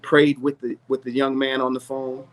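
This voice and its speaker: A man's voice: medium pitch, little pitch movement, normal speed, poor audio. Earnest man telling a story. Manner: earnest storytelling, acts out quoted voices. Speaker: rapper's manager, interview guest. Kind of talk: candid interview conversation.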